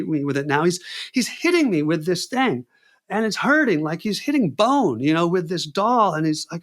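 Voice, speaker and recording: A man telling a story as a podcast guest, acting out the people he quotes and talking casually with lots of "dude" and "man.". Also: on the high side. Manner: animated, acts out quoted dialogue; says "dude" and "man" often.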